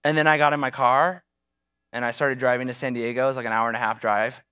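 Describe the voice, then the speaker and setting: A man's voice: medium pitch, level tone, fast talker, pushed and bright, smooth. A man preaching as a pastor, telling a personal story in a conversational way and asking the congregation rhetorical questions. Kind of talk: sermon.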